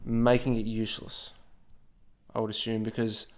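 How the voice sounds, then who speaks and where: A man co-hosts a history podcast, telling the story playfully with lots of jokey asides and a frequent "okay?". His fairly low voice holds a level tone at normal speed, with a little hiss or hum.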